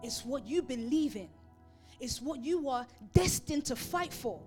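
A woman's voice: high-pitched, animated, unhurried, a little mellow, soft background music. A woman preaching a sermon, emphatic and building her points through repeated phrases.

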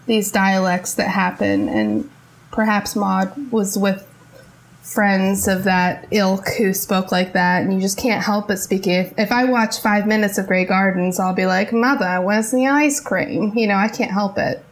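A woman guest in a casual chat, playful and quick to laugh as she explains things. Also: mid-range voice, a little hiss or hum, low-quality recording. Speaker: guest, psychologist.

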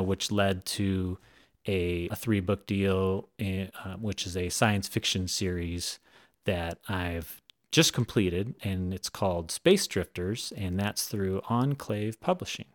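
A man being interviewed as an author, telling stories casually in a rambling, animated way with frequent restarts. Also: sits low. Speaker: author guest.

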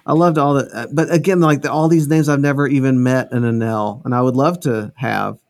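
A man with a gravelly, fry-edged voice chats on a podcast. His thoughts ramble and trail off, and he restarts his sentences again and again. His pitch sits in a middle range. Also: steady tone, brisk, a little mellow. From American South. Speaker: podcast co-host. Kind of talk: casual chat.

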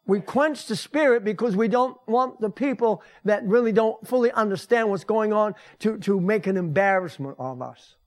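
In a church sanctuary, an elderly pastor and grandfather preaches to his congregation in a homey, conversational manner. His voice sits high, moving at normal speed with few pauses.

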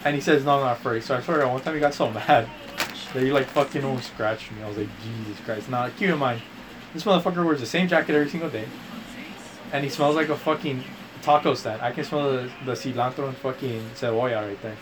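A man's voice: mid-range voice, fast talker, background noise. Young man rambling with crude stories. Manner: rambling, profane, restarts a lot. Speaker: gamer telling a story. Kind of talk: casual chat while gaming.

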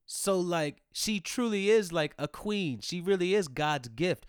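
A man ranting casually and comedically to his listeners, profane and animated, swinging between loud outbursts and low mumbled asides. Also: unhurried, hardly any pauses, smooth, dry recording, clean studio sound.

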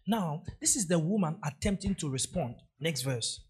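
A man's voice: fairly high pitch, very animated, moderate pace, hardly any pauses, breathy edge. A man preaching a sermon as pastor, hammering key phrases through repetition and drawing the congregation in to repeat and answer.

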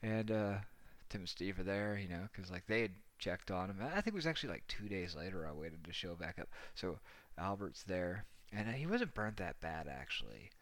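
A man's voice: low-pitched, big pitch swings, moderate pace, fairly bright tone, no echo. A young man casually telling a rambling, profane anecdote, laughing often as he goes. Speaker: storyteller.

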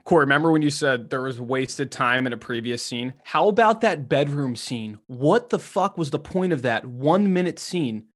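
A man's voice: medium pitch, animated, moderate pace, hardly any pauses. A man co-hosting a podcast, ranting about a TV show in casual chat, exasperated and swearing freely. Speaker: podcast co-host.

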